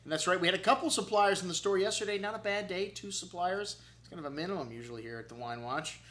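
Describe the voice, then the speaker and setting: A man's voice: high-pitched, quick pace, pushed and bright. A man hosting a wine show, rattling off casual, enthusiastic tasting notes with frequent fillers. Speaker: wine shop host.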